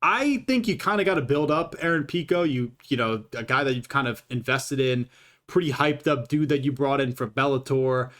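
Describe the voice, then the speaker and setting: A man's voice: mid-range voice, moderate pace, fairly bright tone. A man giving casual, rambling commentary, swearing freely and filling his talk with "uh" and "like". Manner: profane and rambling, with many fillers. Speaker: YouTube fight commentator.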